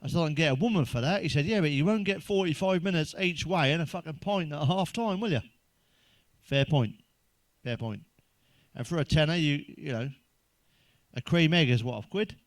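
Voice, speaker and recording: A man's voice: on the high side, normal speed, no echo. A man telling crude stand-up jokes, swearing constantly and laughing at his own punchlines. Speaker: stand-up comedian.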